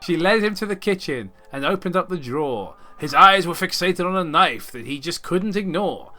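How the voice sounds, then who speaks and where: A man's voice: high-pitched, animated, moderate pace, sharp tone, faint music behind. A man reading a rhyming horror story aloud in a mock-dramatic way, sarcastically picking at the writing. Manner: sarcastic, mocking the text. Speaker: reader of the story.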